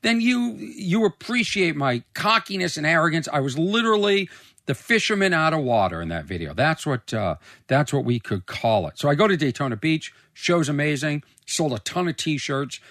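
A man's voice: fairly high pitch, a bit bright, dry recording, clean studio sound. A man hosting his own podcast as a comedian, rambling loosely, swearing freely and mocking himself. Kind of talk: casual rambling monologue. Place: recording studio.

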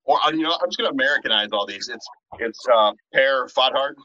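A middle-aged man co-hosting a horror podcast in casual chat, animated, tripping over restarts and swearing freely. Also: mid-range voice, very fast, dry recording. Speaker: podcast co-host. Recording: dull, lo-fi and dry.

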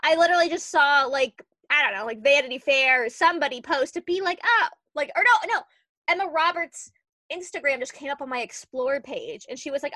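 A woman in her twenties co-hosting a podcast, telling stories in a chatty, animated way with lots of "like"s. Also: high-pitched, brisk, no room sound. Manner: chatty, animated storytelling with many "like"s. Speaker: podcast co-host. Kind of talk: casual chat.

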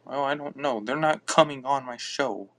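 A man hosting a podcast, chatting casually and offhandedly in a halting, mumbling way. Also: medium pitch, fairly bright tone. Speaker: podcast host. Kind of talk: casual live-stream chatter.

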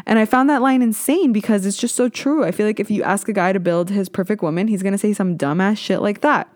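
A young adult woman hosting a casual solo podcast, talking in an animated, ranting way and swearing freely. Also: mid-range voice, fast, dry recording, clean studio sound. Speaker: podcast host.

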